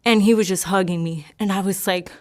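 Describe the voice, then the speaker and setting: A woman's voice: medium pitch, fairly even intonation, a little fast. A young woman telling her personal testimony in a casual, rambling way, full of "like" and repeated words. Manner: rambling, many likes and repeats. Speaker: guest sharing her testimony.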